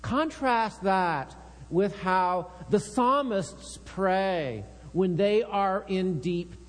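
High-pitched guy preaching slow, reverby room with hum. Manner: slow, earnest, reads psalms with rising intensity. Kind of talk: sermon with scripture reading. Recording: long reverb with mains hum.

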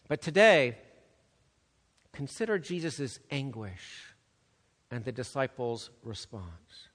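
A man preaching a sermon, swinging between loud, urgent emphasis and hushed, soft passages. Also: mid-range voice. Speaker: pastor. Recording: long reverb of a large hall.

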